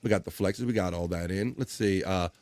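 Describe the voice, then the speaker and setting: A man's voice: sits low, brisk, darkish tone, dry recording. A middle-aged man hosting a livestream, chatting loosely and reading out viewer comments. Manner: rambling, loose and chatty with fillers. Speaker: livestream host.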